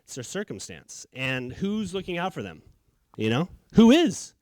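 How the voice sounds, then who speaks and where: A middle-aged man from California telling his story in a casual, animated way, acting out what people said. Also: medium pitch, normal speed, no echo. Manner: casual, animated, acts out quotes. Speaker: charity founder, speaker. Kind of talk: storytelling talk.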